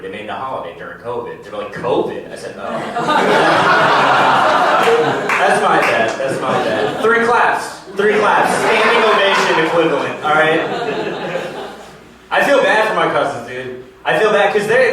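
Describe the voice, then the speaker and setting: A young man working a comedy club stage in a casual, self-mocking tone. His voice sits fairly high and moves with a lively, bouncing pitch. The sound is roomy and distant, picked up by a far-off mic, with crowd laughter around it. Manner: casual, conversational, self-deprecating. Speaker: stand-up comedian. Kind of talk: stand-up comedy set.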